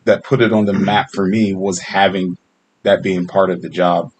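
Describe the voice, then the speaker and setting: A man's voice: low-pitched, level tone, normal speed, slight background noise. A man co-hosting a casual podcast, joking crudely and swearing freely. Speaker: podcast co-host. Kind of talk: casual chat.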